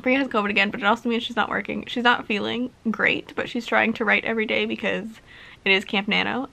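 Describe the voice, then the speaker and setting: A woman's voice: fairly high pitch, creaky, bright, forceful tone. A woman chatting casually to camera at home in a reading vlog, rambling and laughing often. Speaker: book vlogger.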